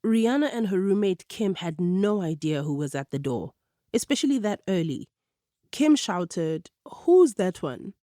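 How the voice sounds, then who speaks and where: A woman narrating a radio documentary in a measured, clear storytelling manner. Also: on the low side, animated, warm tone, dry recording, studio quality.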